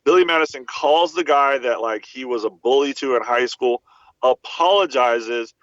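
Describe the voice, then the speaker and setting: A man co-hosting a podcast, retelling film scenes in a lively way, acting out the lines and swearing freely. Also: medium pitch, moderate pace, no echo, dull audio. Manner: animated storytelling, acts out quotes, swears freely. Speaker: podcast co-host. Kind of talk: casual chat.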